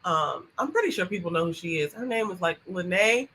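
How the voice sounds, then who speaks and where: A woman talks on a podcast in a bright, forward voice. She is expressive and quick to react, chiming in with short interjections. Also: on the low side, slight background noise, poor audio. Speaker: podcast co-host. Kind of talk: casual chat.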